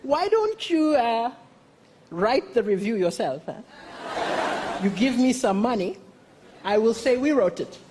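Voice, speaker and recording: A man's voice: extremely high pitch, big pitch swings, a little slow, long pauses, background noise, voice pushed down, full character voice. A man voicing a sly, bribe-seeking male newspaper editor in a stand-up bit, with a lazy, drawling delivery.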